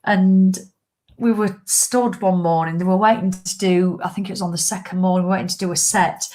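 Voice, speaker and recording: A woman's voice: fairly low pitch, fairly even intonation, a little fast, a little mellow. Middle-aged woman on a live video, fitness coach, swears a lot, blunt and fired up. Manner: blunt, heavy swearing, impassioned. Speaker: fitness coach selling her course. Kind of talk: casual live video chat to followers.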